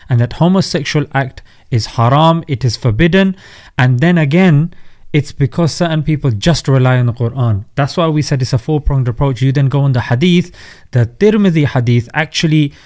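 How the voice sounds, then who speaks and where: A man's voice: a little high, darkish tone. A man co-hosting a reaction discussion, explaining points of religious scholarship. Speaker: co-host. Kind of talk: casual commentary.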